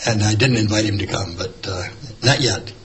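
A man's voice: fairly low pitch, normal speed, fairly bright tone, slight background noise, poor audio. A man tells a story casually. He rambles, with many fillers and restarts, as he shares a church testimony. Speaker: church member sharing a testimony.

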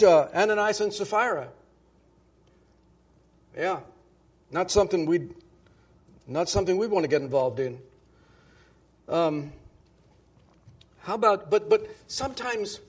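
A pastor preaches to his congregation, a man with a fairly high voice. His tone is husky, and he talks in a loose, conversational way, often restarting phrases and stressing the scripture he quotes. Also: darkish tone. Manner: conversational, with many restarts and emphatic quoting. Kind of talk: sermon.

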